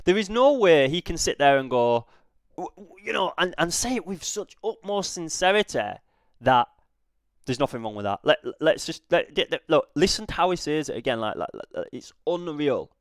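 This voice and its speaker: A man's voice: on the high side, moderate pace, dry recording, clean studio sound. A man hosting a reaction video, commenting casually with frequent swearing and restarts. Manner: animated, swearing, many restarts.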